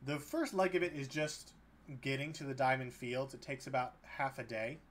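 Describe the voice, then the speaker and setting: Running a tabletop session as game master, a young man narrates with a mid-range voice, relaxed and halting, leaning on lots of filler words.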